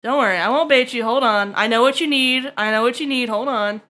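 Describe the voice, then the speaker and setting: High, bright-voiced woman streamer. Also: fairly quick. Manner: crude, joking, chatty with viewers. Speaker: livestreamer. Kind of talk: casual stream chat while drawing.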